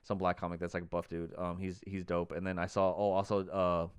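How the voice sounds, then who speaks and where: A young man co-hosting a podcast, telling a story in casual chat, animated, acting out quotes and saying "like" and "dude" a lot. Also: low-pitched, a little fast, clear, resonant tone. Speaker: podcast co-host.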